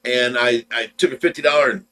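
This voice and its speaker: A man's voice: medium pitch, fairly even intonation, brisk, pushed and bright, rough recording. A middle-aged man co-hosting a casual livestream, easygoing and teasing as he reads out viewer comments. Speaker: livestream co-host.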